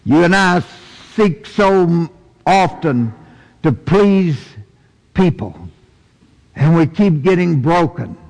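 A man preaching a sermon, swinging from hushed, intimate asides to loud, emphatic proclamation. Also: fairly high pitch, big pitch swings, slow, long pauses, in a large hall, poor audio.

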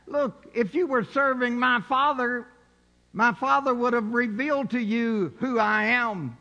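A man's voice: extremely high pitch, bright, forceful tone. A man preaching a sermon in a church, building to emphatic, rising exhortations. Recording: dull sound in a reverberant hall.

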